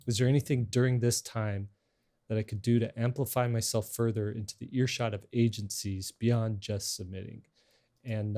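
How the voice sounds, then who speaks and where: Middle-aged guy host, kinda low voice, rambles and restarts a lot. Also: dark tone. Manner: rambling, hesitant, with many restarts. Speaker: podcast host. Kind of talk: casual chat.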